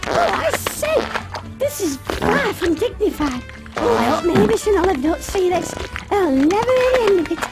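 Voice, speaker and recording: Prissy genteel cow, high lively voice, music behind. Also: female voice, moderate pace. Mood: flustered. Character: prim fussy female cow. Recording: game audio with music behind.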